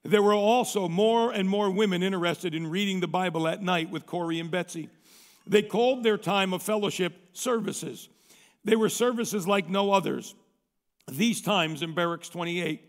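A male pastor preaching a sermon in a conversational, folksy way, reading a story aloud and often clearing his throat. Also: high-pitched, moderate pace, in a large hall.

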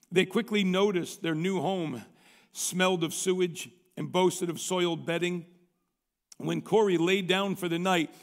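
A male pastor preaching a sermon in a conversational, folksy way, reading a story aloud and often clearing his throat. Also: high voice, long reverb tail.

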